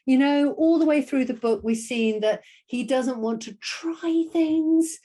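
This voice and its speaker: A woman training teachers in a webinar demonstrates a read-aloud lesson to an imagined class. She's slow and expressive, swinging from hushed whispers to excited high calls, with deliberate pacing and "copy me" prompts.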